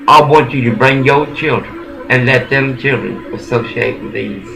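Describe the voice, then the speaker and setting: A man's voice: mid-range voice, normal speed, poor audio. A man delivering a rambling, profane, angry monologue that scolds his listeners. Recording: music playing loudly behind. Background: clear music.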